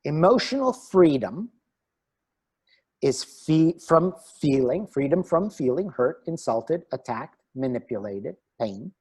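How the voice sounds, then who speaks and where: A man giving an online talk as a relationship coach, animated and laughing between his points. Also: on the high side, takes it slowly, husky.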